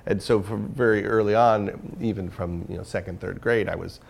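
A man's voice: lowish voice, steady tone, moderate pace, vocal fry, breathy edge. A man talking candidly in an interview as the guest, rambling with many fillers and restarts. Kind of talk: casual interview conversation.

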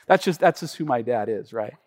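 A male pastor preaching a sermon, telling a story with many restarts and stumbles, moving between quiet asides and excited, loud retelling. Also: medium pitch, fairly quick. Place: church hall. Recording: long reverb of a church hall.

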